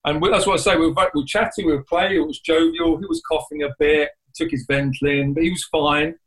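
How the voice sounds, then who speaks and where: A man's voice: on the high side, steady tone, low-quality recording. A man who is a guest telling a painful story in a conversational way, often restarting his sentences. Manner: rambling, halting retelling with many restarts.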